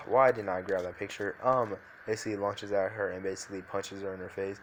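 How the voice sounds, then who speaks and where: A man's voice: fairly low pitch, fairly even intonation, a little fast, a little hiss or hum. A man improvising a fan fiction story, rambling loosely with many fillers and restarts.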